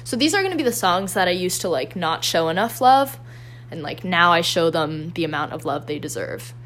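A woman's voice: lowish voice, expressive, a little fast, fairly bright tone, a little hiss or hum. A young woman hosting her own podcast in casual solo chat, rambling and self-deprecating with lots of fillers. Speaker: podcast host.

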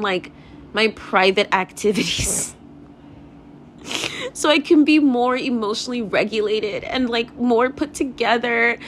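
A woman's voice: fairly high pitch, a little hiss or hum. A young woman hosting her own podcast, rambling in a casual confessional rant, swearing freely and laughing often. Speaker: podcast host.

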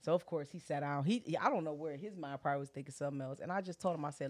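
A middle-aged woman casually telling a personal story, animated, full of slang and acted-out quotes. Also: deep voice, rapid-fire, few pauses. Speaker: guest sharing her story. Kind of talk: candid casual chat.

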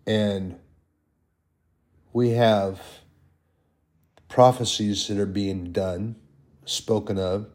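Slow, low-voiced male preacher. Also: steady tone. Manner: swings from soft, slow asides to loud, high-pitched proclamations; conversational, with fillers and self-corrections. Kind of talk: sermon, Bible teaching.

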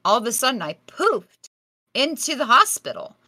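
A woman's voice: on the high side, very animated, normal speed, pushed and bright, no room sound. A woman podcast guest telling a story in a casual, vivid way, swearing freely.

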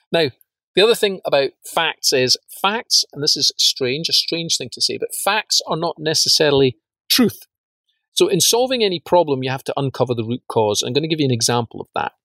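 A man's voice: mid-range voice, a bit bright, dry recording. Emphatic man teaching with dry close sound. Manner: emphatic, rhetorical questions, repeats words. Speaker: business course teacher. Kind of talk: spoken lesson on facts and truth.

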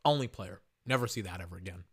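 Hoarse, passionate man ranting about sports. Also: low voice, quick pace. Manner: passionate and emphatic, heavy repetition. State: hoarse, losing his voice. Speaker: podcast host. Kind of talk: sports opinion rant.

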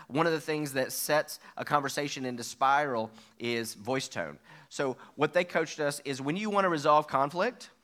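A man's voice: mid-range voice, fairly bright tone. A middle-aged man preaching a sermon in a conversational way, often checking in with "okay?" and "all right?". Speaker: pastor.

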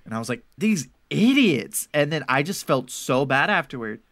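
Young male co-host, animated and bright, dead-dry mic. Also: medium pitch, a little fast, dry recording. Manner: animated, jumps into goofy voices. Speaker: podcast co-host. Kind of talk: casual chat.

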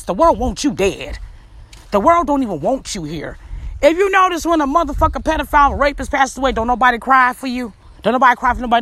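A woman's voice: sits high, background noise. A woman delivering a blunt, profane rant to camera, lecturing the listener directly. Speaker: vlogger. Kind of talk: ranting commentary to camera.

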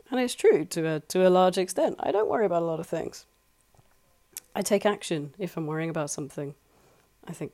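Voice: mid-range voice, a little fast, a little mellow. A life coach giving earnest, conversational advice from home, repeating points for emphasis. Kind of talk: solo advice talk. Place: home flat.

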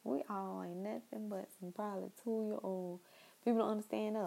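A young woman rambles through a casual monologue in a low-toned, mellow voice with a gravelly fry. She often repeats herself and turns to her listeners directly. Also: fairly even intonation, moderate pace, rough recording.

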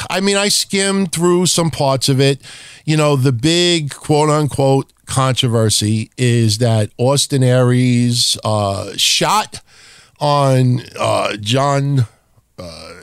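A man's voice: medium pitch, expressive, smooth, dry recording, clean studio sound. A middle-aged man hosting a wrestling podcast, talking bluntly and swearing freely in casual chat. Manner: blunt, profane, rapid-fire wrestling talk. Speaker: podcast host.

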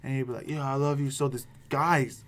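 A man's voice: medium pitch, flat delivery, a little fast, noisy background. A young man hosting a podcast, telling a story in casual chat, rambling with lots of fillers and acting out what people said. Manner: rambling, lots of "like" and "dude", acts out quotes. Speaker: podcast host.

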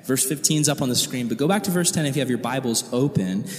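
A man preaching a youth sermon to high school students, animated and slangy, acting out quotes as he goes. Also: fast talker, roomy sound, in a large hall. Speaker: youth pastor.

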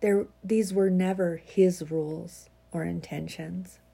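Congested woman with a gravelly voice. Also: lowish voice, fairly even intonation, takes it slowly. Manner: warm, earnest, chuckles often. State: congested, stuffy nose. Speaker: vlogger reading her own writing. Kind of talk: casual chat, then a reflective reading.

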